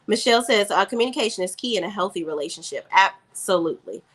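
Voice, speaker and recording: A woman's voice: mid-range voice, animated, quick pace, fairly bright tone, slightly rough. A woman hosting a casual live stream, recapping a TV drama and chatting sassily with her viewers. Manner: chatty, sassy, reads chat aloud. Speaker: TV recap host.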